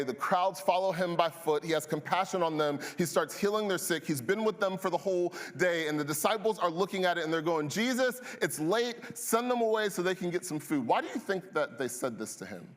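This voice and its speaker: A man's voice: fairly high pitch, fairly quick, hardly any pauses. A male pastor preaching a sermon in a conversational way, asking the congregation questions and waiting for their answers. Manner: conversational, asks the congregation questions and waits for replies. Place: church auditorium. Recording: long reverb of a large hall.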